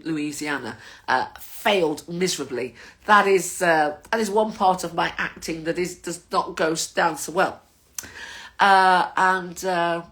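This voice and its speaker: A woman's voice: on the low side, fairly bright tone. An older woman, chatting casually to her viewers in a rambling, waffling monologue as the host of her own vlog.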